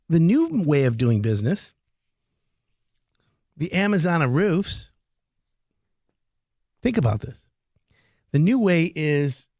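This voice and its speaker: A man who runs a roofing company, giving an animated sales pitch in folksy talk and acting out conversations with homeowners. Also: breathy edge, dry recording, studio quality. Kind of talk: direct-to-camera sales pitch.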